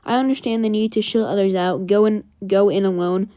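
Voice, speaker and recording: A woman's voice: medium pitch, fairly even intonation, fairly quick, mellow, no room sound, close to an everyday voice. A woman reading a reflective old butler narrating. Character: older male butler, worried, reflective.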